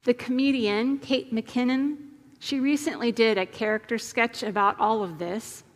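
A woman pastor giving a gentle, conversational sermon and leading a prayer. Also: fairly high pitch, fairly even intonation, big-room sound. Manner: slow, gentle, conversational preaching.

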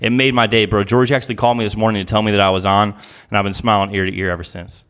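Male podcast co-host, fast and eager, casual slangy chatter. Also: fairly low pitch, steady tone, fairly bright tone. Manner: enthusiastic, casual, peppered with "bro". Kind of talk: casual chat.

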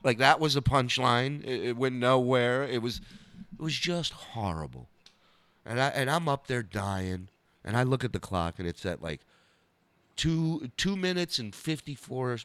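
A man's voice: mid-range voice, a little slow, smooth, no room sound. A male comedian telling a story on a podcast, swearing and acting out scenes. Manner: animated, swearing, acts out scenes. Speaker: comedian guest.

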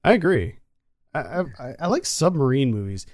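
A man co-hosting a casual movie review chat, talkative and quick to laugh. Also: medium pitch, sing-song, crowd noise. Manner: chatty, laughs easily. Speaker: podcast co-host.

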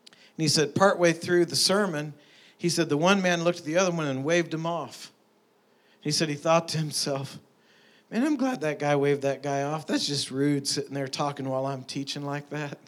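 A man preaching a sermon, telling stories in a lively way and building to emphatic peaks. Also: a little high, moderate pace. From Tulsa, Oklahoma. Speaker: pastor. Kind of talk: sermon with storytelling.

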